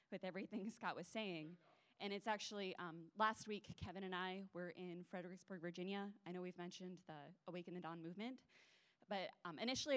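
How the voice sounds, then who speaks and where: A woman standing up in church to share a personal testimony in a chatty way, laughing now and then. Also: fairly low pitch. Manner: quick, chatty, laughs as she talks. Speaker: church member sharing. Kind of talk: casual testimony.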